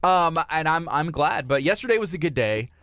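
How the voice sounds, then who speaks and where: High-voiced chatty radio co-host man. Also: moderate pace. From Texas. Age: 30s. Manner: teasing, chatty, rising to excited emphasis. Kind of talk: casual morning radio banter. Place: radio studio.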